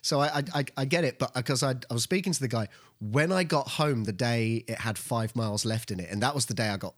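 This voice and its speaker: A man's voice: medium pitch, fast. A man co-hosting a podcast, rambling through anecdotes with frequent restarts and easy laughter. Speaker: podcast co-host. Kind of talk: casual chat.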